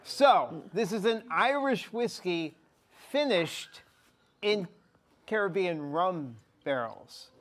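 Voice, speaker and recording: A man's voice: high-pitched, expressive, slow pace. A man co-hosting a live show with easy, jokey banter. He mixes drinks as he talks and laughs often. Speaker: co-host mixing cocktails.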